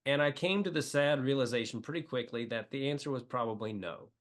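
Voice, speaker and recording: A man's voice: mid-range voice, a little fast. A middle-aged man from the Midwest, a comedian talking as a podcast guest, telling emotional stories with many fillers. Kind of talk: casual interview chat.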